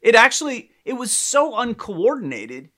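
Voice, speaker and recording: A man in casual podcast conversation, telling an animated, rambling story with lots of restarts. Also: very high-pitched, moderate pace.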